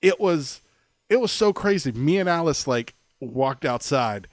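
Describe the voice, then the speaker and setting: A man's voice: a little high, expressive, a little slow, no room sound. A man co-hosting a podcast, telling a funny story in casual chat and laughing often. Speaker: podcast co-host.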